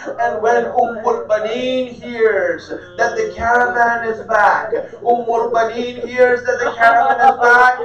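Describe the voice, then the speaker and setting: A man's voice: very high voice, a bit bright. Man preaching a mourning sermon, voice cracking with tears, sounds dull and far off in a big room. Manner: emotional, breaks into weeping and cries out. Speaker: majlis speaker. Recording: echoey hall, distant dull mic.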